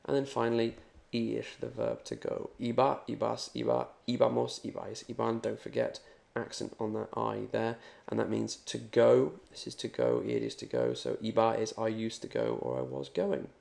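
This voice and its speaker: Gravelly upbeat man teaching. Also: medium pitch, moderate pace, hardly any pauses, darkish tone. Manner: upbeat, talks straight to the learner. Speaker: Spanish teacher. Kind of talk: recorded language lesson.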